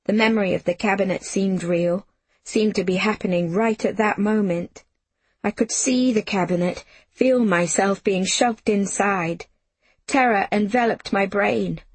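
A woman reads a novel aloud in the first person, unhurried and measured. Her voice is slightly husky and she takes her time over every line. The sound is dry and close, with no room around it. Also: mid-range voice, no echo. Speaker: audiobook narrator. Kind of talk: first-person audiobook narration.

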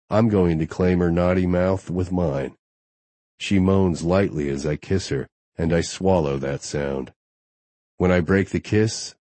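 A man's voice: deep voice, dark tone, no echo. A man narrating a romance audiobook in first person, intimate and wry.

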